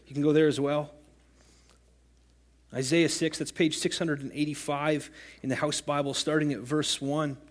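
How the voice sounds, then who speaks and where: A man's voice: fairly high pitch, level tone, normal speed, pauses often. A man preaching a sermon as pastor, earnest and rising to impassioned cries when he quotes scripture.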